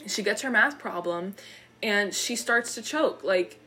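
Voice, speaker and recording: A woman on a podcast recapping a movie in a chatty, animated way. She acts out the characters' lines and keeps filling her sentences with "like." The pitch sits in an ordinary middle range. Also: a little slow, slight background noise. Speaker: podcast co-host recapping a film. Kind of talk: casual chat. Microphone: studio microphone.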